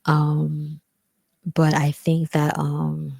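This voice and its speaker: A woman talking candidly about growing up, rambling with many fillers and acting out other people in a higher voice. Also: completely flat delivery, drawn-out words, creaky, a little mellow, dry recording. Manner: rambling, frequent "like" and "um", acts out quoted voices higher. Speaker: vlogger. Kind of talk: personal reflective talk.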